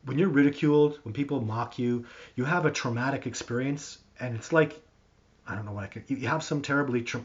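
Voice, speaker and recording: A man hosting a live stream, answering viewer questions in a rambling, animated storytelling way with lots of restarts. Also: mid-range voice. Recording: dull lo-fi stream audio.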